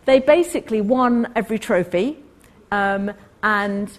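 A woman telling a workplace story in a talk, animated and acting out the people she quotes. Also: medium pitch. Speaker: co-host.

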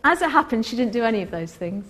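A woman tells a workplace story with lively energy. Her voice sits a little high, and she slips into the voices of the people she quotes. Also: fast. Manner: animated, acts out quoted people. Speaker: co-host. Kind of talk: storytelling talk.

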